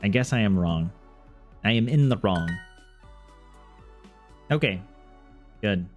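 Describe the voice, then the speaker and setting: A man with a fairly low voice talks casually to his livestream viewers. He thinks out loud, trips over his words and restarts sentences often. Soft music plays faintly behind him. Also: animated, takes it slowly. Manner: thinks aloud with many restarts and self-corrections. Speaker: language learner streaming. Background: soft game music.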